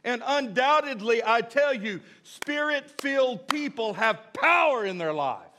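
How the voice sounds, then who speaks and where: A man's voice: very high-pitched, lively intonation, unhurried, pushed and bright. A male pastor preaching a sermon in an emphatic, repetitive way.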